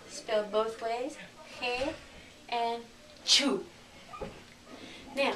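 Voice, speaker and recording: A woman teaching a recorded lesson, speaking slowly and clearly and repeating each word for her learners. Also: a little high, bright, forceful tone, echoey room, distant mic.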